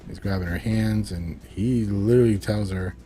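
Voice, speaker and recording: A man's voice: lowish voice, moderate pace, dark tone, soft background music. A man casually recapping a television episode, retelling the scenes with chatty asides. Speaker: video reviewer.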